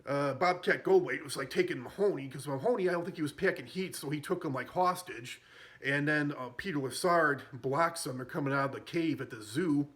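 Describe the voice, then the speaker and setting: A man's voice: fairly high pitch, brisk, a bit bright. A man recapping a movie in a casual, rambling way. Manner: rambling, with many fillers and restarts. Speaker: film reviewer.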